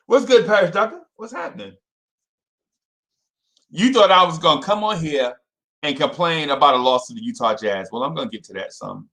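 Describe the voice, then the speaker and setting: A young man hosting a casual fan livestream, repeating himself and shouting out viewers by name. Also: fairly high pitch, animated, fairly quick.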